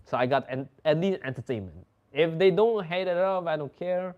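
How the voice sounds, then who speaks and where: A young Dutch man with a fairly high voice hosts a casual chat at a moderate pace, and the audio sounds dull. He's an animated storyteller, swearing and laughing freely as he goes.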